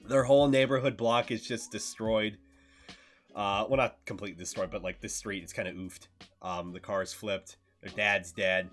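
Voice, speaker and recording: A man streaming, recapping a game in loose casual chat, swearing freely and halting with fillers. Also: lowish voice, fairly even intonation, pushed and bright, soft background music.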